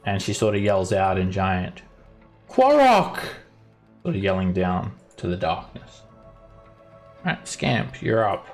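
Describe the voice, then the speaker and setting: Low-voiced male dungeon master. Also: flat delivery, unhurried, faint music behind. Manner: loose descriptive narration. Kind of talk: narrating a tabletop game.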